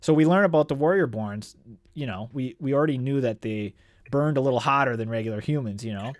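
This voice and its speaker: A man with a medium-pitched voice hosts a casual book club chat on a podcast, talking fairly quickly in a dry, clean studio recording. He enthusiastically summarizes the plot chapter by chapter and reads excerpts aloud.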